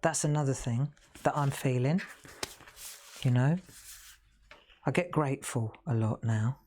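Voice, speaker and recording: Woman, middle-aged, low-pitched, casual rambling chat, laughs often, live craft demo. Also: a little slow, warm tone, a little hiss or hum. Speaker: craft demonstrator hosting a live stream.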